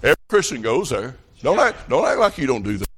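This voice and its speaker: A middle-aged man with a Southern US accent preaching a revival sermon, telling folksy stories and building up to fervent shouts. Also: medium pitch, big pitch swings, fast.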